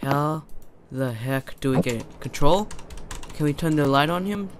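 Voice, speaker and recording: A young man doing let's play commentary on a horror game, excitable, chatting to the characters and yelling when startled. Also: on the high side, unhurried, background noise. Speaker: gamer.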